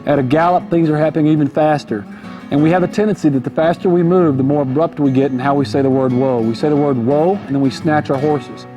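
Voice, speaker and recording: A man with a fairly high voice teaches riding from horseback in an arena. He talks in an easygoing, folksy way and keeps coming back to his key points. Guitar music plays clearly behind him. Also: steady tone, quick pace, lo-fi sound. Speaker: horse trainer. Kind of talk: instructional riding demonstration.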